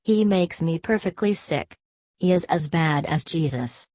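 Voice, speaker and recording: A man's voice: on the high side, animated, unhurried, darkish tone, dry recording. A woman reading an audiobook, voicing a tipsy, giggling young man who squeals and hiccups. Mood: tipsy, gushing.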